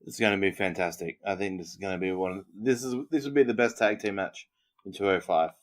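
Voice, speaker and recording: Aussie male co-host, lower register, casual and agreeable, filler-heavy speech. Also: quick pace. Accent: Australian. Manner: agreeable, lots of yeahs and ums. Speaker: podcast co-host. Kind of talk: casual wrestling recap chat.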